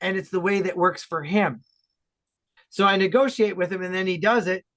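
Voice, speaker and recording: A man from Ontario, Canada, talking enthusiastically and loudly as a guest in a casual podcast chat. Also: high voice, moderate pace. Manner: enthusiastic, animated, loud talker.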